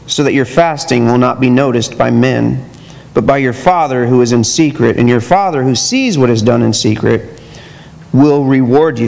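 A man's voice: medium pitch, creaky, darkish tone. A man preaching a sermon as pastor, talking casually to the congregation and mimicking hypocrites in mocking voices. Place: church sanctuary. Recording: long church hall reverb.

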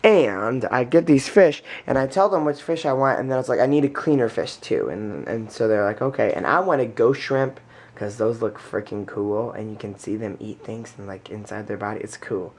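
Excitable rambling young guy vlogging. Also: on the low side, moderate pace. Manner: rambling, excitable and jokey, with laughs. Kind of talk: casual vlog chat. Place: in a car, then indoors at home by a fish tank.

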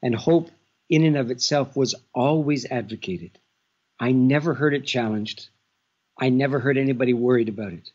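A man speaks in a husky, breathy voice, turning each thought over slowly with drawn-out pauses. He answers from home over a dull, muffled call line that dulls the top end. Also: mid-range voice, darkish tone. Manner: measured and contemplative, with stretched pauses. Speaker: guest author. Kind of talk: reflective interview answers.

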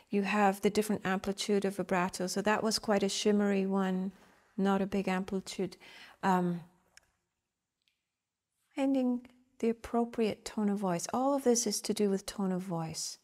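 A woman teaching the flute, explaining gently and reflectively with vivid images. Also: mid-range voice, steady tone, normal speed. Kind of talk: instructional explanation.

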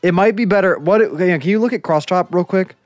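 A man's voice: high-pitched, quick pace, no room sound, soft background music. A young man co-hosting a let's play, joking and laughing in casual gaming banter.

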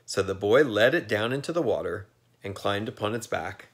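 Lively, low-voiced man reading a storybook. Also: moderate pace. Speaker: narrator.

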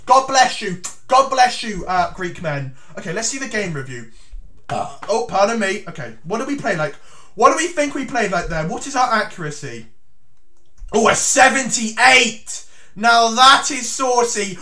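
A man giving theatrical, excited commentary on his own chess game as he plays, breaking into shouts. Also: high-pitched, moderate pace. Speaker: chess YouTuber.

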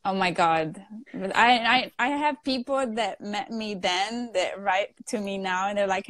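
A woman from Italy with an Italian accent, chatting casually as a guest on a live video call, animated and quick to laugh. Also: mid-range voice, no echo. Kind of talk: casual chat on a live stream.

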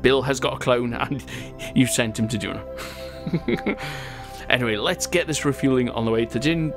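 Guy chatting through a game, mid-pitched, laughs a lot, faint music behind. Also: moderate pace. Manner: chatty, laughs often, reads viewer comments. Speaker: gaming channel host. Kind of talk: casual gameplay commentary.

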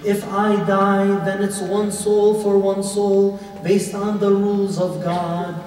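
A man delivering a sermon in a hall, telling a story dramatically and praying slowly. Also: high-pitched, completely flat delivery, darkish tone. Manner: dramatic storytelling, rising to impassioned, then slow lament. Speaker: shaikh giving a Ramadan lecture. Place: mosque or community center hall. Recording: echoey hall from far off.

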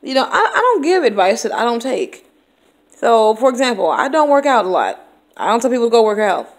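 A woman's voice: on the high side, big pitch swings, a little fast. A woman teacher venting in a candid vlog, exasperated and blunt, laughing often and cursing.

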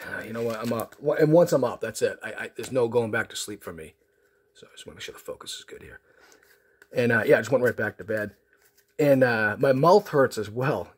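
A man's voice: mid-range voice, background noise. A man opening card packs on his channel, chatting casually in a rambling, sarcastic way with lots of fillers and restarts. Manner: sarcastic, self-mocking storyteller. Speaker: card pack opening vlogger.

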